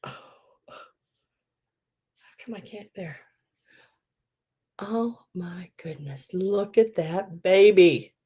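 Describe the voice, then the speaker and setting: A woman's voice: fairly low pitch, extremely slow, long pauses, dark tone, slightly rough. A middle-aged woman, chatting casually on a live sale stream, gushing and trailing off with ums.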